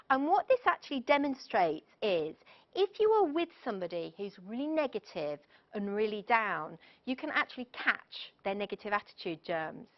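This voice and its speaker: A woman giving a live motivational presentation, chatty and lively, often putting questions to her audience. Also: fairly high pitch, highs cut off. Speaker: motivational speaker.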